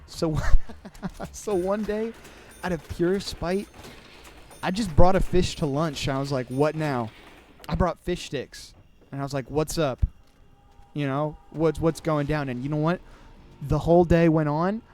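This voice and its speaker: A man's voice: a little high, steady tone, measured pace, a little mellow, slight background noise. A man in his twenties hosting a podcast, rambling casually and sarcastically while playing a video game. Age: 20s. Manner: rambling, sarcastic and self-deprecating. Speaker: podcast host.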